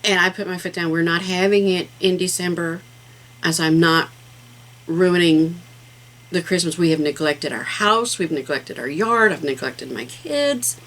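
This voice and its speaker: A woman's voice: on the low side, unhurried, fairly bright tone, low-quality recording. A middle-aged woman hosting a casual craft vlog, talking in a rambling, heartfelt way with plenty of fillers. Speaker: craft channel host.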